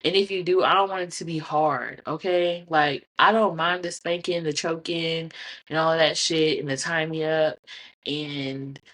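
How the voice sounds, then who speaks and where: A young woman talks frankly and bluntly to her listeners, laughing easily as she goes. Her voice sits on the low side for a woman. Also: fairly even intonation, a little slow, fairly bright tone. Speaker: podcast host. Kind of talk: casual candid chat to camera.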